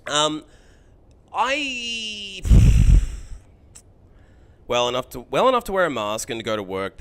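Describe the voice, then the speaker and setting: A man streaming a card game live, thinking out loud about his choices, chatting with viewers and swearing freely. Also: lowish voice, a little hiss or hum.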